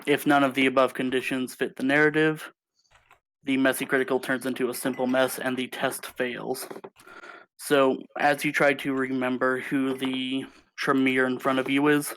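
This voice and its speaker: A man running a tabletop role-playing game as game master, narrating in a measured, calm way. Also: mid-range voice, rough recording.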